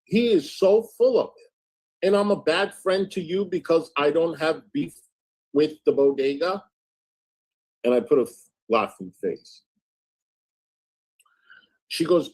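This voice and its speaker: A man chatting casually on his livestream while recounting a feud. He reads out old messages line by line, "she goes, I said," and drops into a lower, flatter tone for the quotes. He cleans up his swearing with "effing" and single letters. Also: slow pace, long pauses, slightly rough, low-quality recording. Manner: recounts chat messages in back-and-forth "she goes, I said" fashion. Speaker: livestream host.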